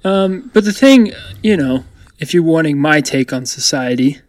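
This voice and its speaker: A young man co-hosting a relaxed talk show, his voice sitting a little high. He jokes freely and leans theatrical. The sound is close and dry, with no room in it. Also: moderate pace, dry recording. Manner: upbeat, joking, self-described theatrical. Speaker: co-host. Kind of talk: casual chat.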